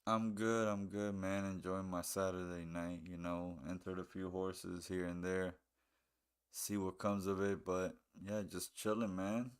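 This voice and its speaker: Deep, smooth-voiced laid-back stream host. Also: male voice, flat delivery, unhurried. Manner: laid-back, repeats phrases. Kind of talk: casual live-stream chat and game commentary.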